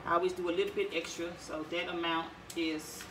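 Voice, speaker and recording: A woman's voice: lowish voice, steady tone, a little fast. Chatty woman cooking at home. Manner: chatty, rambling, stutters and restarts. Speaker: home cook vlogger. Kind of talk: casual cooking vlog. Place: home kitchen. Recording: home recording with clear kitchen noise. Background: clinking pots, pans and cutlery.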